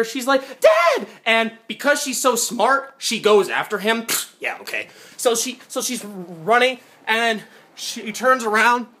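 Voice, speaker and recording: A young man at home, filmed on a handheld phone camera, ranting and swearing about a movie he hated, with yelled outbursts. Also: very high-pitched. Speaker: movie reviewer. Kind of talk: angry movie-review rant.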